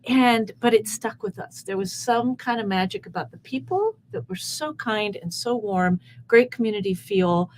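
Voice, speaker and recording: Woman, guest musician, eager and warm; light noise under the voice. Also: a little high, normal speed, few pauses, poor audio. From British Columbia, Canada. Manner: warm, enthusiastic storytelling. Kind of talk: casual interview.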